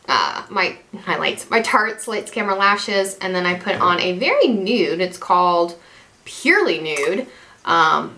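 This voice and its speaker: Bright-voiced chatty young woman vlogger. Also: medium pitch. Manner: chatty, self-deprecating, rambling with restarts. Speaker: beauty vlogger. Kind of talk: casual makeup tutorial chat.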